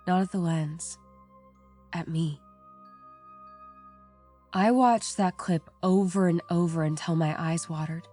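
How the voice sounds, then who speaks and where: Low, dark-voiced woman narrating horror. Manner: measured, somber storytelling. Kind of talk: scripted narration. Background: faint background music.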